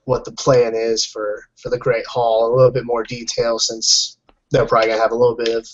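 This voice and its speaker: A laid-back man chats offhandedly while playing a tabletop game, at a middle pitch. The audio is slightly muffled, like an online call. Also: completely flat delivery, fairly quick. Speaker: player. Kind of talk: casual tabletop game chat.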